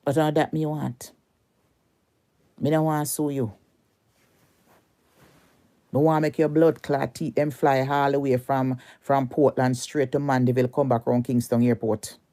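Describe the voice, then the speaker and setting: A woman's voice: a bass voice, level tone, unhurried, pauses often, mellow. Furious Jamaican woman ranting. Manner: heated, cursing, repeats insults. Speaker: social media personality. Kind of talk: angry rant at a rival.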